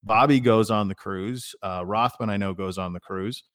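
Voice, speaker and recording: A man's voice: on the low side, moderate pace, dry recording, clean studio sound. A middle-aged man co-hosting a podcast in casual chat, a rambling storyteller who often restarts his sentences. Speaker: podcast co-host.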